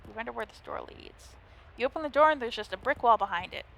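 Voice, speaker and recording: Bright-voiced woman reading game text. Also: on the high side, animated, quick pace, gravelly. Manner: playful, reads narration aloud between remarks. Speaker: let's play host. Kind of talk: gameplay commentary, reading game text aloud.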